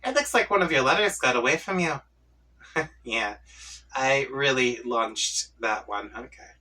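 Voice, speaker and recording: A man reads a webcomic aloud for his channel in an unhurried, playful way, slipping into voices for the characters' chat lines. His tone is bright and forceful. He sits a little back from the mic. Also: mid-range voice, animated, distant mic, poor audio. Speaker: comic reading channel host. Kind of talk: reading a webcomic aloud with reactions.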